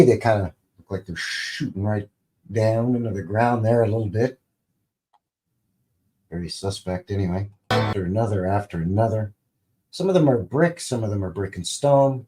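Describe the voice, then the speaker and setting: During a casual livestream, a channel host in his fifties comments on old TV clips, wandering off on tangents, cracking jokes on the side and using plenty of fillers. His voice is lowish and dark in tone, at a moderate pace.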